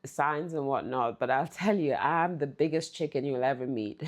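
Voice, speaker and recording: A woman's voice: rumbling low, normal speed, noisy background. A middle-aged woman hosting her channel, telling stories in a chatty way and laughing often. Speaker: channel host. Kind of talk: casual storytelling.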